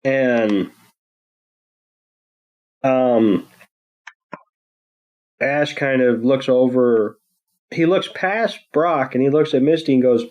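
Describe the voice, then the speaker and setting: A man's voice: medium pitch, slow, long pauses, darkish tone, lo-fi sound. A man co-hosting a podcast, casually recapping an episode and throwing in blunt, sarcastic asides. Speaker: podcast co-host.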